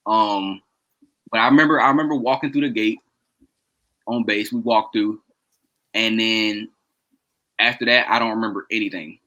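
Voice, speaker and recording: A man's voice: lowish voice, moderate pace, long pauses, dull audio. A man casually telling a long story to his friends, laughing often and acting out what people said. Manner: animated, laughs often, acts out quoted dialogue. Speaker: podcast co-host telling a story.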